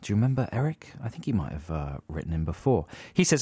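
Deadpan male radio co-host. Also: low-pitched, racing, hardly any pauses, breathy edge, no room sound. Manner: dry, deadpan jokes. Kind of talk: casual comedic banter.

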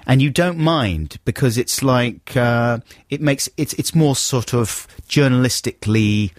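A man's voice: medium pitch, animated, unhurried, dry recording, studio quality. A man chatting casually as podcast co-host, speaking with enthusiasm and starting many phrases over. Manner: chatty, enthusiastic, with frequent restarts. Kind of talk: casual chat.

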